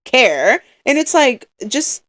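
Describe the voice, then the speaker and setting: A woman's voice: sits high, very animated, slow pace, a bit bright. A young woman co-hosting a podcast, venting in casual chat, tired and rambling with many restarts. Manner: weary, venting. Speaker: podcast co-host.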